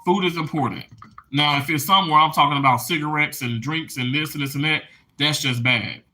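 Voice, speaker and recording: Man, live stream chat, emotional, animated, slightly high voice. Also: a little fast, soft background music. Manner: emotional, laughing and tearing up while reading chat.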